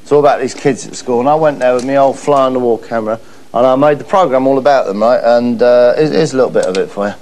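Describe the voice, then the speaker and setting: A man's voice: mid-range voice, fast, a little mellow. A man hosting a comedy show, delivering a mock-pompous monologue in a camp, gushing way. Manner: camp, gushing, repeats "that's lovely". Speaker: comedy host.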